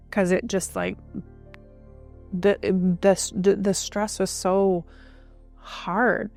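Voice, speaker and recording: A woman guest recounting a personal experience in conversation, halting, with frequent restarts and fillers. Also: on the low side. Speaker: interview guest.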